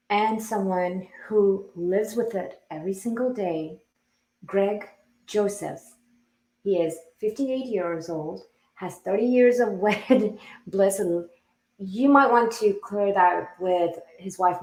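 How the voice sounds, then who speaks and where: A woman hosting a podcast interview, who laughs easily as she introduces her guest. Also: medium pitch. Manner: warm, laughing often. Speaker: podcast host. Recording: roomy echo.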